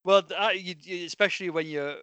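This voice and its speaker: A man's voice: high-pitched, fairly even intonation, fast, pushed and bright, smooth, no echo. A man hosting a podcast, chatting easily and reading out listener questions. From Newcastle, England. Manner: chatty, laughs often, reads out listener questions. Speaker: podcast host. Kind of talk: casual podcast chat.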